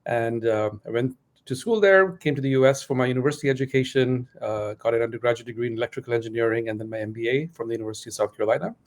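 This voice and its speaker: A man from Bahrain, a guest on a business talk show, talking in a quick, chatty way. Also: medium pitch. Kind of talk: casual interview talk.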